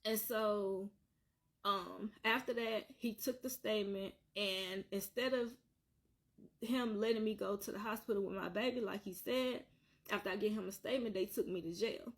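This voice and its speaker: A woman's voice: medium pitch, fairly even intonation, normal speed. A woman telling her own painful story on a vlog, earnest and repetitive, circling back to the same points. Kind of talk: emotional personal storytelling.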